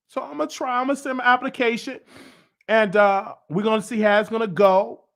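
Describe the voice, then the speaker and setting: A man with a Southern US accent hosting a show, rambling excitedly in a casual monologue that swings into loud emotional outbursts. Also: high-pitched, moderate pace. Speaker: show host.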